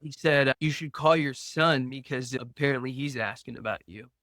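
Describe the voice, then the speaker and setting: Earnest man slowly telling a story. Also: medium pitch, a bit bright, dry recording. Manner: earnest, slow storytelling with reenacted dialogue. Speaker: podcast guest. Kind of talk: personal recovery story.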